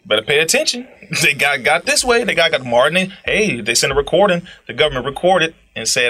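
Animated fast-talking young man. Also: slightly rough. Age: young adult. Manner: animated, preachy, repeats "bro", jumps into high-pitched exclamations. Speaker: guest speaker. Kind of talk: casual podcast conversation.

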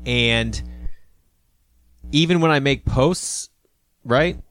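A man's voice: mid-range voice, drawn-out words, dry recording. Laid-back man hosting a comedy podcast. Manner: relaxed, rambling, acts out quoted people. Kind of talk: casual conversation.

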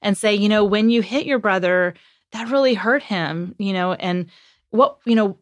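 A woman's voice: mid-range voice, normal speed, no room sound. A woman guest on a podcast interview, talking casually as a parenting author and acting out the lines she and her kids said. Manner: lively storyteller who acts out what she and her kids said; conversational, with fillers and laughs.

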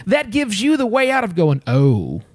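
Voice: medium pitch, brisk, no room sound, clean studio sound. A podcast co-host telling a story in casual chat, acting out the people in it. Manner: animated anecdote-telling with acted-out quotes.

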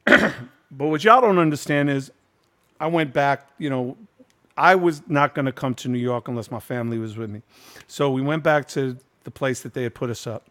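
A man's voice: medium pitch, a bit bright. Middle-aged man host, loose street-slang storyteller, swears freely. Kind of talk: casual storytelling chat.

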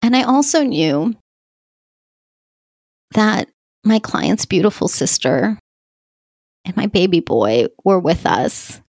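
A woman's voice: medium pitch, big pitch swings, takes it slowly, long pauses, a little mellow, dry recording, clean studio sound. A woman coach speaking in a reflective solo podcast monologue, heartfelt and effusive, laughing often and using many fillers.

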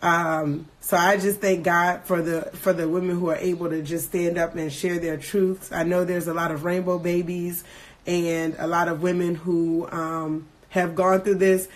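A woman in her thirties, emotional and earnest, candidly telling a personal story to her viewers with many pauses and restarts. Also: fairly low pitch, steady tone. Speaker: livestream host sharing a personal story.

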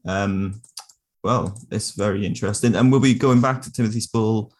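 Brief: man, lowish voice, deadpan podcast co-host bantering. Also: normal speed, husky.

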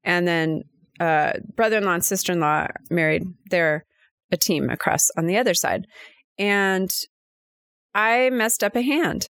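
A woman's voice: fairly low pitch, measured pace, a bit bright, dry recording, studio quality. A middle-aged woman co-hosting a casual chat, telling personal stories in a chatty, emotional way. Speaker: podcast co-host.

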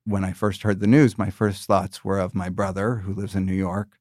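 American man, thirties, low voice, dry close mic, measured interview answers with restarts. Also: flat delivery, darkish tone, no echo. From United States. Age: 30s. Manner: measured, thoughtful, with many restarts. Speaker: political candidate, former ambassador.

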